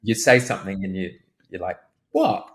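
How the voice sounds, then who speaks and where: A man talking as a guest on a casual podcast, hesitant and loose, jumping high when he imitates others. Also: normal speed, fairly bright tone.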